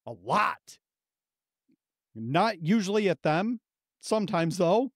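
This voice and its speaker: Male co-host, 30s, lively pitch, profane, animated storyteller, dry close mic. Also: slow pace, dry recording. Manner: heavy swearing, animated storytelling with acted quotes. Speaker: podcast co-host. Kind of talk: casual uncensored podcast chat.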